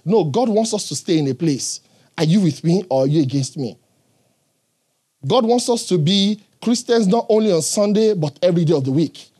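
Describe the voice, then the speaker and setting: A man's voice: sits high, animated, normal speed, warm tone, husky. A man preaching a sermon in an earnest, emphatic way, often checking in with the congregation.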